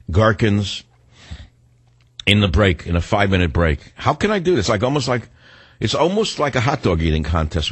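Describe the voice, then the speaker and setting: Talk radio host, older man, low husky voice that swings wide, dry booth sound, sarcastic and rambling. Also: no echo. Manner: combative, sarcastic, rambling asides. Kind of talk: opinionated talk radio monologue.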